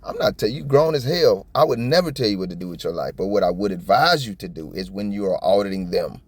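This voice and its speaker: A middle-aged man from South Florida rants through a reaction video in a fast, tumbling delivery, blunt and profane. His voice sits fairly low. Every so often he trips over words, then presses right on. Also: animated, no echo. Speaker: copwatch commentator. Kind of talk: casual reaction commentary.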